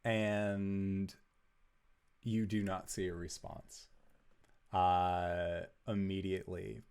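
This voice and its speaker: A man with a fairly low voice runs a tabletop game as its game master. He narrates slowly and deliberately, in a measured, descriptive manner. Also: level tone, darkish tone, clear, resonant tone.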